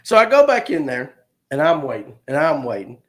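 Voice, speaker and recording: A man's voice: on the high side, very animated, normal speed. A man, hosting a livestream and telling a rambling, jokey story straight to his viewers. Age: 50s. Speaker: podcast host.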